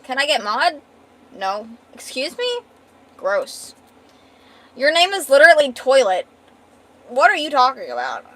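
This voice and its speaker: A woman's voice: sits high, huge pitch swings, unhurried, pauses often, fairly bright tone. A woman streamer in casual live-stream chat, trading profane, playful mock-angry banter.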